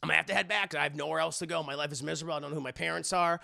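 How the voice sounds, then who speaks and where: A man's voice: fairly high pitch, fairly even intonation, rapid-fire, creaky, sharp tone, full character voice. A man voicing a miserable, lonely teenage girl who rambles anxiously and repeats herself. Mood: despairing.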